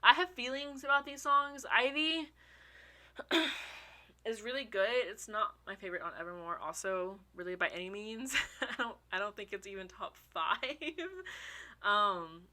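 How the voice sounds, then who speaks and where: Bright-voiced, gushing young woman. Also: mid-range voice, normal speed. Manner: gushing, excitable, swears casually. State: out of breath. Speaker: fan ranking songs. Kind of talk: casual vlog commentary.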